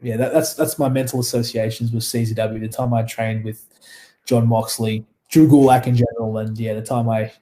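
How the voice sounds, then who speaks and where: A man's voice: mid-range voice, flat delivery, moderate pace, warm tone. A man with an Australian accent, a wrestler telling stories in a casual interview, rambling, laughing often and swearing freely. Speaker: guest wrestler.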